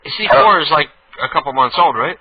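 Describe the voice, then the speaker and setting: A man's voice: fairly high pitch, animated, brisk. A man hosting a prank call radio show, chatting casually with a caller. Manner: laid-back, chatty. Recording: dull lo-fi radio recording.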